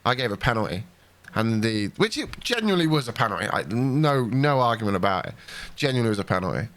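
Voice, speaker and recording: A man's voice: mid-range voice, big pitch swings, fast, a bit bright. A man hosting a podcast, telling rambling, sweary anecdotes in casual chat.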